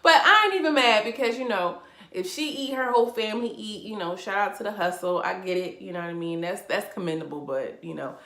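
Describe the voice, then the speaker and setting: A woman's voice: fairly low pitch, fairly bright tone, echoey room. A woman giving casual vlog commentary as a reality TV reviewer, talking bluntly and profanely with incredulous laughs.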